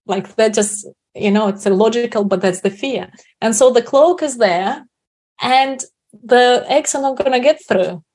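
A woman's voice: on the high side, unhurried, darkish tone. Woman guest explaining with frequent "right?". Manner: frequent tag questions like "right?". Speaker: guest speaker on inner confidence. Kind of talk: reflective explanatory talk.

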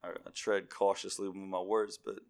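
A man's voice: sits low, flat delivery, normal speed, vocal fry, clean tone. A man preaching a sermon, reading scripture aloud and calling out to his congregation.

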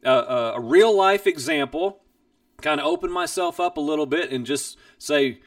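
A man's voice: sits high, huge pitch swings, normal speed, gravelly, no echo, studio quality. A man hosting a Bible teaching program, sharing a personal testimony in an earnest, emphatic way, recorded a little distant from the mic.

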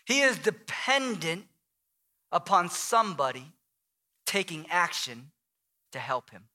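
A male pastor preaching a dramatic sermon, acting out voices, stammering and restarting, and dropping to quiet emphasis on key lines. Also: high voice, sing-song, takes it slowly.

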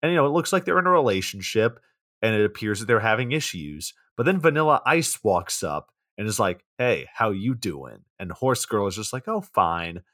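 A man's voice: on the low side, sing-song, a little fast, a bit bright, no echo, studio quality. A man co-hosting a podcast, casually recapping a movie plot with swearing and asides. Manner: laid-back, recounts plot with swearing and asides. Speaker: podcast co-host.

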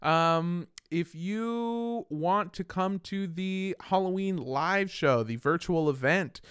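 A man's voice: high-pitched, slow, a bit bright, clean tone, no echo, studio quality. A man co-hosting a podcast, joking and swearing casually while rambling through sponsor reads. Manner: profane, jokey, rambling with fillers. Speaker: podcast co-host.

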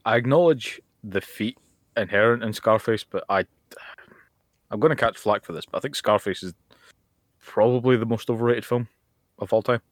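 A man's voice: lowish voice, normal speed, long pauses, no echo. A man co-hosting a podcast over a voice call, with dry, opinionated quips. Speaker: podcast co-host. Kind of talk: casual chat over voice call. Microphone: voice call mic.

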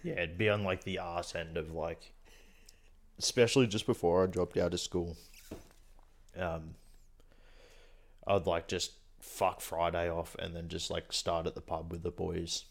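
A young man with a fairly low voice chats as a podcast guest. He rambles through his stories with lots of fillers, swears often and keeps a loose, easy flow. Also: steady tone, measured pace, creaky, pauses often. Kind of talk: casual chat.

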